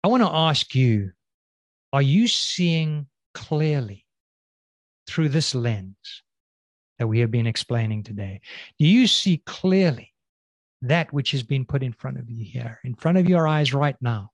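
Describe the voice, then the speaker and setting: A man preaching a sermon, pressing the listeners with repeated questions and slowing down to stress key words. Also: medium pitch, expressive, no room sound. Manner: questioning, emphatic, slows and drops on key words.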